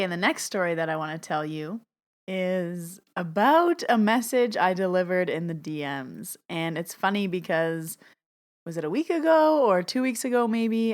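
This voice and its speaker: A woman hosting her own podcast as a psychic medium, telling personal stories in a chatty way, full of "like" and acted-out quotes. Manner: chatty, lots of "like", acts out quotes with big pitch jumps. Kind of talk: casual storytelling monologue.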